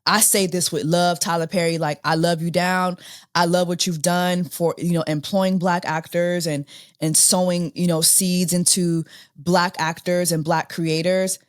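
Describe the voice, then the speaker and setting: A woman's voice: on the low side, flat delivery, a little slow, no echo, studio quality. A woman in her thirties hosting a podcast, speaking with exasperated disbelief, repeating herself and laughing often. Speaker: podcast host. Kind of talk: casual commentary.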